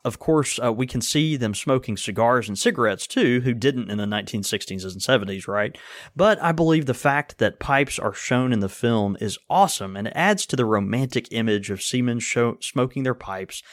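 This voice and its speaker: A man's voice: medium pitch, lively intonation, moderate pace, no room sound, studio quality. A man co-hosting a podcast in casual chat, friendly, stammering and restarting as he reads listener mail. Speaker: podcast co-host.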